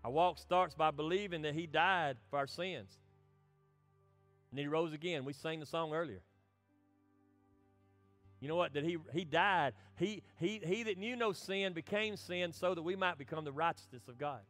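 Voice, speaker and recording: A man's voice: on the high side, normal speed, no echo, faint music behind. Man preaching. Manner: impassioned preaching that drops to soft, hushed lines. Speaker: pastor. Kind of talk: sermon.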